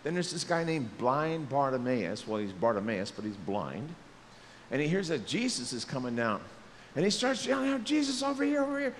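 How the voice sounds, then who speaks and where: A male pastor giving a lively sermon, joking and acting out quotes in different voices. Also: mid-range voice, normal speed, big-room sound, a little hiss or hum. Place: church sanctuary.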